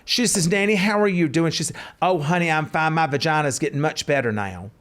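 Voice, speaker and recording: This podcast co-host is a man with a slightly high voice who talks briskly. In a casual storytelling chat, he's animated, and his stories build up to hollering.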